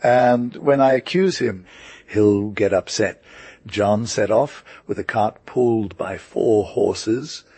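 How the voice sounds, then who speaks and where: Slow, husky male audiobook narrator. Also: fairly low pitch, a little mellow, no room sound. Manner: slow, measured reading with small slips. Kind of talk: storybook folktale narration.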